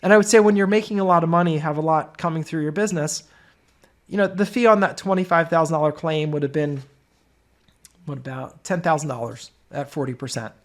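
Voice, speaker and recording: Telling stories conversationally, this man gives an informal presentation as a business course instructor. His pitch is fairly high and his pace brisk.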